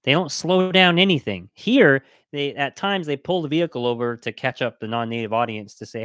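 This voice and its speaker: A man's voice: medium pitch, fairly quick, few pauses, smooth, dry recording. Emphatic man ranting, dry close sound. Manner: animated and emphatic, voice rising when worked up; talks in loose restarts and rhetorical questions. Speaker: podcast co-host. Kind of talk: casual opinion talk.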